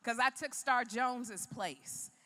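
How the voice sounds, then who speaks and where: A Chicago woman gives a motivational keynote in a large arena, telling her story in an emphatic, preacher-like way. Her voice is a little high, slow, pushed and bright, with big-room sound.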